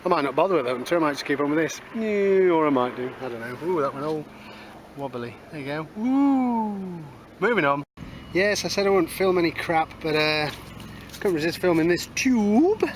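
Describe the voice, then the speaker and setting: A man's voice: on the high side, animated, moderate pace. Chatty man detecting outdoors, wind noise. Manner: chatty, cheeky asides, says moving on a lot. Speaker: metal detecting vlogger. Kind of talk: casual running commentary while detecting. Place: outdoors in a field.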